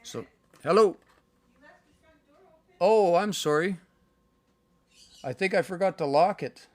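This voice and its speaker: A man giving a casual live-stream language lesson from home. He thinks aloud and sounds out words slowly. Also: sits high, no room sound. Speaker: language teacher.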